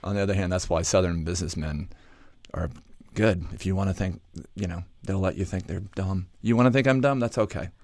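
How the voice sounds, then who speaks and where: Low-voiced scientist from the US South. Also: male voice, brisk, a little mellow, no room sound. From Atlanta, US South. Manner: thoughtful, hesitant, frequent ums and restarts. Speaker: neuroscientist guest. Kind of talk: radio interview, conversational explaining.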